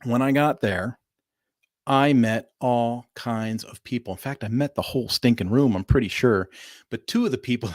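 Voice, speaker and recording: A middle-aged man from Southern California talks straight to his livestream audience in a casual, animated storytelling way. His voice sits at an ordinary middle pitch. It is recorded close and dry, with no room sound around it. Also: no room sound. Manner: animated storyteller addressing viewers as "folks". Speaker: livestream host.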